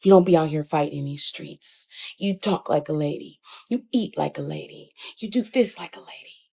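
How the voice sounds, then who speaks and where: A woman's voice: sits low, moderate pace, gravelly, mellow, breathy edge. A woman in her forties giving an intense, emotional monologue that builds in force.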